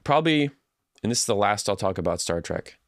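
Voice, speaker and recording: Low-voiced man chatting on a livestream. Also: lively intonation, a little fast, no echo, clean studio sound. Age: adult. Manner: chatty, reads viewer comments aloud. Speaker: livestream host. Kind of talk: casual livestream chat.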